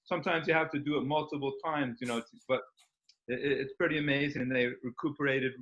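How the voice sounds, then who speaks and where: A man's voice: mid-range voice, fairly even intonation, quick pace, fairly bright tone. Eager rambling man on a dull recording. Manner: rambling and enthusiastic, many fillers. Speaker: guest. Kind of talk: casual interview talk.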